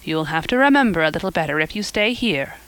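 A woman's voice: on the low side, animated, fast, a bit bright, poor audio. A woman voicing a strict, stiff older woman who admonishes a child, read in an audiobook. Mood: admonishing. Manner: stern, admonishing.

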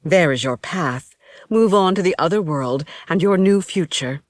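A solemn, stately priestess of death with a measured, formal delivery, voiced by a woman. Her voice sits a little higher than the reader's usual low tone, in a dry, close recording. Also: animated, no echo, close to an everyday voice. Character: solemn, gracious female high priestess of death. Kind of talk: audiobook character voice.

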